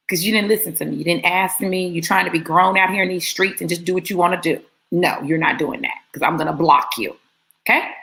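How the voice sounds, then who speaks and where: Woman doing god talking to her, quiet and firm, loving, low gravelly voice. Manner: firm, reassuring, quietly spoken. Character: calm loving God speaking to his daughter.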